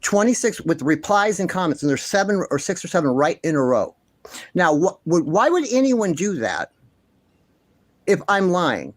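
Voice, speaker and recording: A man's voice: sits high, big pitch swings, normal speed, dry recording. A man hosting a commentary vlog, ranting passionately and indignantly, swearing often and insisting on the same points over and over. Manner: repeats himself insistently. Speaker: commentary channel host.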